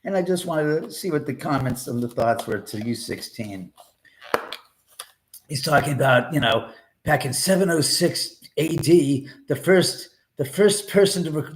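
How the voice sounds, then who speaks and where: A man hosting a live stream from his home, telling a rambling, profane story in a casual way. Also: fairly high pitch. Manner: rambling, profane, restarts often. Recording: roomy echo.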